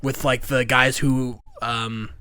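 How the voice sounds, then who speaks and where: A man's voice: mid-range voice, level tone, slow, sharp tone, clean tone, dry recording. A man co-hosting a casual movie review podcast, chatty and laughing often, with a lot of filler words. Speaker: podcast co-host.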